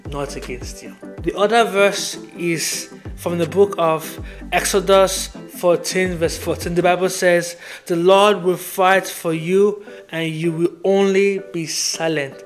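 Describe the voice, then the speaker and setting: Guy preaching a podcast sermon real slow, earnest, bit high voice, faint music behind. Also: steady tone. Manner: slow, earnest, repetitive preaching with Bible readings. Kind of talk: devotional sermon.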